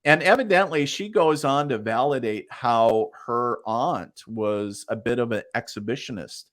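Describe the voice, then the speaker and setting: A man's voice: medium pitch, measured pace. A man being interviewed as a psychic medium, telling stories casually and acting out what people said. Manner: animated storyteller, acts out quotes, laughs often.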